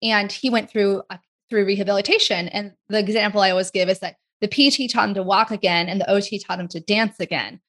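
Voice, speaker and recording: A woman in her forties, a guest in an interview, talking casually and chattily with quick asides. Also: medium pitch, fairly even intonation, a bit bright. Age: 40s.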